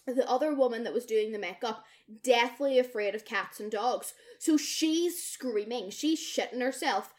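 A young woman co-hosting a podcast, telling a wild story in casual chat, animated and swearing freely as she acts out the people in it. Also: fairly high pitch, normal speed, hardly any pauses. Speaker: podcast co-host.

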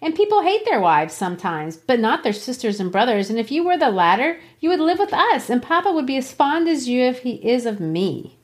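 A woman's voice: sits high, big pitch swings, a little fast, hardly any pauses, pitched above the performer's own voice. A woman reading the lines of a headstrong teenage girl in an indignant, firm way.

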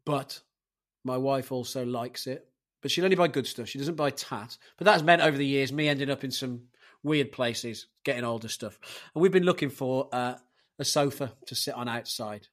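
A man's voice: medium pitch, normal speed. A man hosting a casual podcast chat, swearing and telling rambling anecdotes. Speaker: podcast host running the segment.

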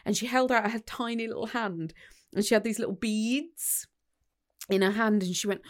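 A woman's voice: on the high side, moderate pace. A woman co-hosting a podcast, rambling through anecdotes with lots of fillers and little acted-out voices. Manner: chatty, rambling, many fillers, acts out voices. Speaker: podcast co-host. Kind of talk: casual chat, storytelling.

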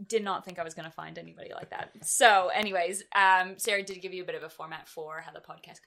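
A woman's voice: on the low side, steady tone, quick pace, gravelly, a bit bright. A woman co-hosting a podcast, asking questions in an upbeat, giggly way. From United States. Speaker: podcast co-host. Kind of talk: casual interview chat.

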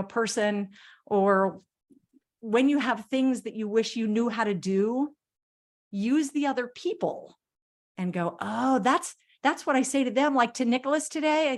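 A middle-aged woman working as a self-love coach gives an enthusiastic motivational talk to a group, playfully acting out little quotes in a voice that sits a little high.

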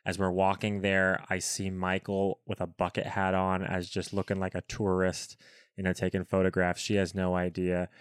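A young adult man co-hosting a podcast, telling a personal story in casual chat and bursting into high-pitched voices when he quotes people. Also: normal speed, smooth, dry recording, studio quality. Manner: animated retelling with high-pitched acted quotes. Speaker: podcast co-host.

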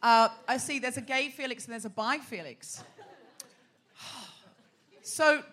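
Comedy host, woman from Australia; bright, high-pitched and animated, on a theatre stage. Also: a little slow. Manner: exclamatory, repeats phrases, laughing asides. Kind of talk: live comedy podcast banter. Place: theatre stage before a live audience.

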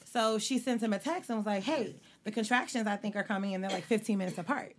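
A young adult woman co-hosting a podcast, telling personal stories in an animated, laughing way with free swearing. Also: medium pitch, fast. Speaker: podcast co-host. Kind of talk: casual storytelling chat.

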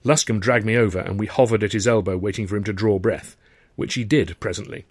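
A man's voice: on the low side, fairly even intonation, fast talker, breathy edge, no echo, studio quality. A man reading his own comic novel aloud in a wry, understated storytelling manner. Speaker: narrator, author. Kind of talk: audiobook narration.

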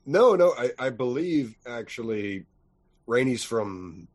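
A man's voice: medium pitch, sing-song, slow, a crowd in the background. A man co-hosting a casual podcast chat, speaking in a wry, explanatory way. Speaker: podcast co-host.

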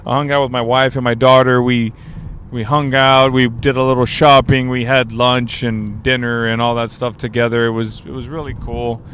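A man's voice: mid-range voice, flat delivery, moderate pace, a bit bright, a little hiss or hum. A man in his thirties from Texas hosting his podcast, rambling through a casual solo monologue with joking asides while driving, talking into a portable recorder. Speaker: podcast host. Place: in a driving car. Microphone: portable recorder with mic.

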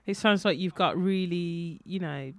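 A woman's voice: lowish voice, a little slow. A woman hosting a podcast interview, encouraging and affirming her guest. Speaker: podcast host. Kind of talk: conversational interview.

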